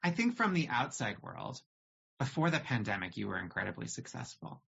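Guy chatting on a podcast, bright but raspy, kinda dull muffled audio. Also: mid-range voice, very animated, a little fast. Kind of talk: podcast conversation. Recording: dull lo-fi recording.

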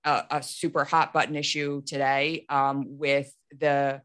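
A woman's voice: rumbling low, little pitch movement, a little slow, a bit bright, clean tone. A woman in her thirties hosting a podcast, telling a story animatedly with lots of restarts and "like". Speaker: podcast host. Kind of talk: casual storytelling conversation.

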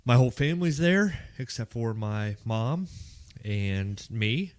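A man's voice: medium pitch, measured pace. A man with a Pittsburgh accent, a guest organizing a hike, chatting casually with filler words. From Pittsburgh, Pennsylvania. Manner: relaxed, rambling, with filler words. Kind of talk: casual chat.

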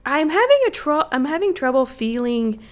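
Relaxed, rambling woman podcast co-host. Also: high voice, normal speed. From Illinois, USA. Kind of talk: casual chat.

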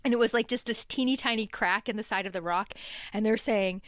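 Woman guest, lively storyteller, smooth clear voice, dry close sound. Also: mid-range voice, fairly quick, dry recording. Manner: animated, laughing storyteller. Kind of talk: casual storytelling. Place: home.

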